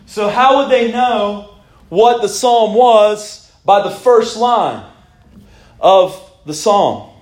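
A male pastor with a high voice delivers a sermon. He reads scripture aloud, swinging between loud, pleading lines and low, hushed ones. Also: lively intonation, takes it slowly, reverberant.

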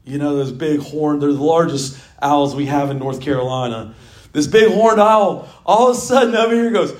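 A pastor delivers a sermon. His voice sits high for a man. He tells stories with lively swings and reads scripture aloud to the congregation. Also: measured pace. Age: 40s. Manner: animated storytelling preaching, mimics owl calls. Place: church.

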